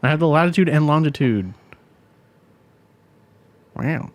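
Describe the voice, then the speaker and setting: A man's voice: fairly high pitch, animated, unhurried. A young man co-hosting a casual podcast, answering bluntly and teasing his friend with short replies. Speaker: podcast co-host. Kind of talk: casual chat.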